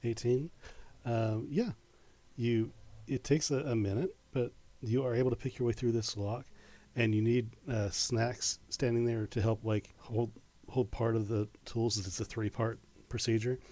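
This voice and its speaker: Hesitant mellow-voiced male game master. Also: mid-range voice, steady tone. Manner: halting, with many fillers and restarts. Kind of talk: narrating a tabletop game.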